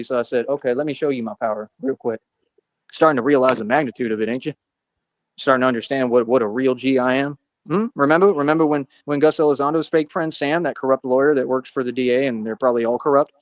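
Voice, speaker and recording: A man rattles off a boastful, defiant monologue at a rapid clip, his voice pitched a bit high. The sound is dull and muffled, with a dry, close feel. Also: dry recording. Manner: boastful, defiant, rapid slang-filled talk. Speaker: streamer in a played clip.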